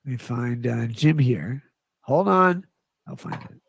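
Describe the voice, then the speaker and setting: A man reads his livestream chat aloud with a gravelly, husky voice, drifting into loose, drunken tangents and swearing freely. He sits a touch high for a man's voice, and the sound is dry and close. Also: animated, unhurried, no echo. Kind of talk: rambling livestream chat reading.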